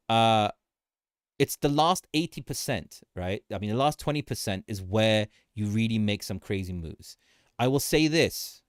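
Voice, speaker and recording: A man hosting a casual market commentary livestream, animated and joking, often repeating himself and laughing. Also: fairly low pitch, normal speed, dry recording, clean studio sound. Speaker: livestream host.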